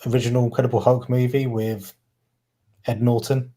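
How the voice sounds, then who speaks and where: This Cockney-accented man co-hosts a casual podcast chat, rambling, tripping over words, and often stopping mid-sentence to correct himself. His voice sits in the mid range with a dark, level tone at normal speed.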